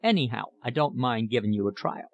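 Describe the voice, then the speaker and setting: A man voicing a pompous, talkative shop manager with a Cockney accent and a high, metallic voice. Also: expressive, a little fast, creaky, dull audio.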